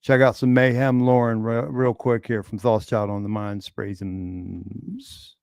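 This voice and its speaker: A man's voice: on the low side, level tone, slow pace, creaky, darkish tone, dry recording, studio quality. A man hosting his own livestream, talking in a rambling, mock-grandiose way with casual profanity. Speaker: livestream host.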